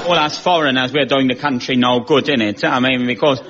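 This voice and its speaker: A man with a German accent, a native German speaker, doing dry deadpan comedy as a panel contestant. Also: mid-range voice, a little fast. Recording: muffled radio, loud audience and noise.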